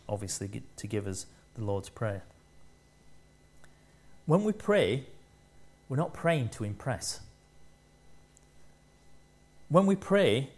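A male preacher delivers a sermon at a medium pitch. He speaks in short, measured phrases. He leans harder on the lines he wants to land. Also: darkish tone.

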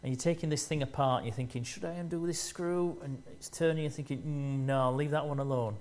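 A man preaching a sermon, speaking in short measured phrases and rising in force to stress key lines. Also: medium pitch, fairly even intonation, darkish tone.

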